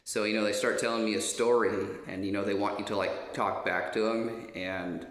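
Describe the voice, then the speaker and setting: A man's voice: lowish voice, fairly even intonation, moderate pace, a bit bright. A man telling a casual anecdote, rambling with many fillers and restarts and swearing freely. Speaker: storyteller. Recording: roomy echo.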